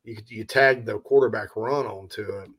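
A man's voice: lowish voice, normal speed, a bit bright, slightly rough. A man from South Carolina with an Upstate accent, hosting a casual sports talk show and reading listener comments in a chatty, self-mocking way.

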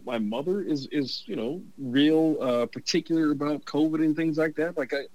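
A man in casual conversation, halting and measured, restarting his sentences often. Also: fairly high pitch, a little mellow, no room sound, highs cut off.

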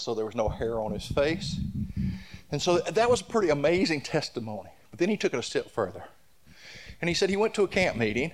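Folksy preacher man. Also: on the high side. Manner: folksy, builds to fervent emphatic delivery. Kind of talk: sermon storytelling.

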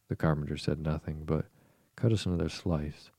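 A man reading a classic story aloud in a slow, soothing, measured bedtime voice as podcast host. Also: rumbling low, fairly even intonation, mellow, no room sound.

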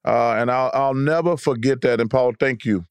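A man's voice: mid-range voice, moderate pace, clean tone, no room sound. A middle-aged man chatting casually about sports, joking around and telling stories as a show regular. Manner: joking and storytelling.

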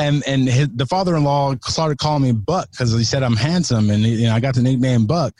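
A man's voice: mid-range voice, moderate pace, a little mellow, no echo. A man from California, a podcast guest, talking in a loose, slangy way, swearing freely and restarting his sentences. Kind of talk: casual chat.

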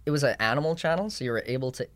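A young man in his twenties, a podcast guest, talking casually in a halting way with many fillers and self-deprecating asides. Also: mid-range voice, animated, no echo. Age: 20s.

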